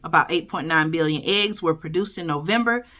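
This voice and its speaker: Chatty woman with a bright voice. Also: low-pitched, brisk. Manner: chatty, keeps adding "okay?" and "y'all", stumbles and corrects herself. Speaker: YouTube host reading news. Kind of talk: casual commentary reading an article aloud.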